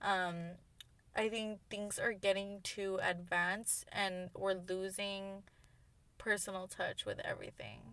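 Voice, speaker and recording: Young woman, podcast co-host, rambling chat, medium pitch, dry close sound. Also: takes it slowly, no echo. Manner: rambling, animated, lots of "like" and laughter. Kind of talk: casual chat.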